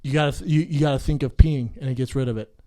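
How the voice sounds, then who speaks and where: A man's voice: mid-range voice, steady tone, rapid-fire, mellow. A man co-hosting a podcast, joking and insisting in casual banter, often repeating himself. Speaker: podcast co-host.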